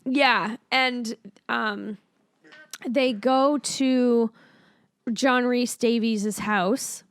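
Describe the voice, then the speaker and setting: A woman co-hosts a podcast in an unhurried, easygoing way, mostly answering with short replies. Her voice sits a little high. The mic is close and the sound is dry. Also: steady tone, clear, resonant tone, no room sound. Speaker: podcast co-host. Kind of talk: casual chat.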